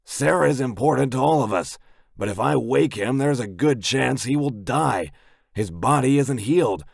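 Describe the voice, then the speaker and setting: A man voicing a steady male biker-club doctor who is patient and level-headed, in an audiobook. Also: mid-range voice, normal speed, creaky, slightly rough, dry recording, clean studio sound, voice pushed up. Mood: firm. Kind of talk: audiobook narration.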